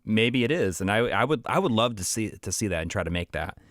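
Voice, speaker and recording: A man's voice: on the low side, lively intonation, quick pace, no room sound, clean studio sound. A man co-hosting a podcast in casual chat, rambling with restarts and laughing easily. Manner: rambling, many restarts and fillers. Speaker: podcast co-host.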